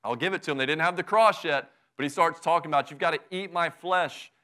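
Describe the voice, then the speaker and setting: A man's voice: a little high, fast talker, pushed and bright. A middle-aged male pastor preaching a sermon with fervent, conversational delivery, full of rhetorical questions to the congregation.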